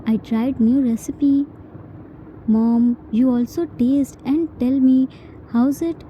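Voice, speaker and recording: 女人扮演的 温和爱烘焙的年轻男子. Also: female voice, sits high, fairly even intonation, slow, mellow, muffled recording, slight background noise. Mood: coaxing. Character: gentle young man who bakes cookies.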